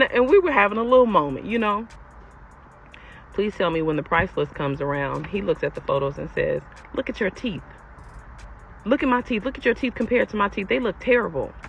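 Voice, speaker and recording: A young woman recounts a personal story straight to her viewers in an animated, exasperated way. Her voice has a gravelly fry to it. The recording sounds dull and lo-fi, with faint noise behind her. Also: deep voice. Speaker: storyteller vlogger.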